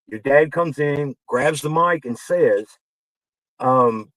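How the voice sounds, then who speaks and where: A man, a wrestling veteran guest on a podcast, telling backstage stories in a casual, animated way, acting out quoted dialogue and swearing as he gets heated. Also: a little high, slow, no room sound, poor audio. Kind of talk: casual storytelling.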